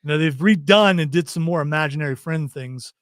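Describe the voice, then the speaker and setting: A middle-aged man hosting a podcast, chatting playfully about pop culture and firing off quick teasing questions. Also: fairly high pitch, fairly bright tone, no echo, studio quality. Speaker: podcast host. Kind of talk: casual pop-culture chat. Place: studio.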